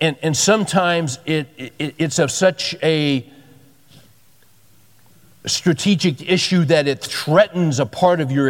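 Man, pastor, sermon, slightly high voice, emphatic and conversational, long reverb of a big hall. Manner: conversational, emphatic preaching with repetitions.

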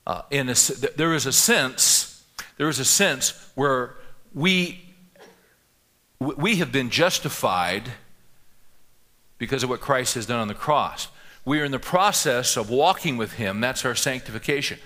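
Preaching to his congregation, this middle-aged pastor speaks in a mid-range voice that is expressive and unhurried yet pushed and bright. He recounts a personal anecdote in a conversational style, stopping to ask the listeners questions.

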